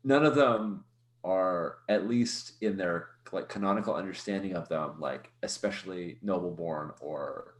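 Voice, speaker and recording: Low-voiced man playing a tabletop game. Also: measured pace, reverberant. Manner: rambling, hesitant, many fillers. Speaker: player. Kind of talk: tabletop role-play, narrating his character.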